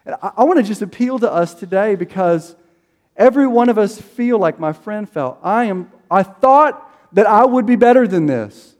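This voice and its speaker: A man's voice: high voice, animated, moderate pace, a little mellow, in a large hall. A man in his forties preaching a sermon in a casual, conversational way, acting out prayers and quoted speech. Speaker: pastor.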